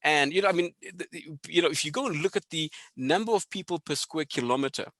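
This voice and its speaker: A man's voice: on the high side, fast, fairly bright tone, no echo. A South African man with a South African accent speaking as a webinar guest, listing his points with enthusiasm over a video call. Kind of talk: webinar conversation.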